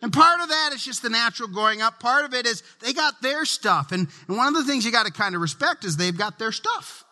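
A man's voice: very high-pitched, expressive, a little fast, hardly any pauses, sharp tone, long reverb tail. A middle-aged man preaching a sermon as pastor, humorous and conversational, acting out little family scenes.

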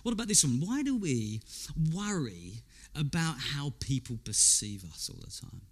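A man's voice: medium pitch, very animated, unhurried. A man preaching a sermon in a conversational way, asking his listeners rhetorical questions, repeating words as he goes and quoting people in character.

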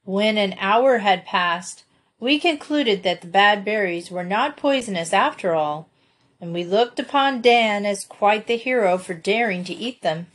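A woman reading a classic children's novel aloud with steady, expressive storytelling. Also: mid-range voice, measured pace. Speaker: audiobook reader.

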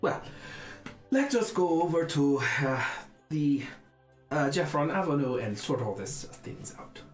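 A woman game master narrates a tabletop game in a very low voice that still moves up and down a lot. She halts often and fills gaps with "um" and "uh". The room echoes, and music plays faintly behind her. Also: sing-song, a little mellow. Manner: halting, with many fillers and laughs.

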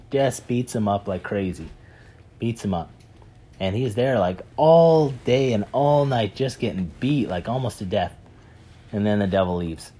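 A man telling a parable in a casual, animated way, with many fillers and repeats. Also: lowish voice, breathy edge. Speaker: speaker retelling a parable. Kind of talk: animated storytelling talk.

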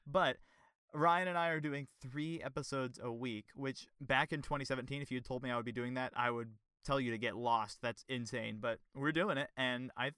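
A man's voice: medium pitch, normal speed, pushed and bright, clear, resonant tone, dry recording, studio quality. A man co-hosting a podcast, chatting in an upbeat, enthusiastic way and laughing easily. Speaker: podcast co-host. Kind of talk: casual podcast review chat.

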